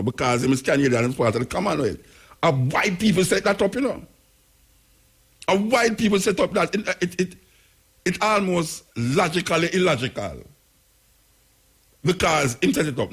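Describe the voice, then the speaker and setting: Husky Jamaican man musing on air. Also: medium pitch. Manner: rhetorical questions, repetition, speaks in patois. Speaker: radio talk show host. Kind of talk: spoken commentary on a radio talk show.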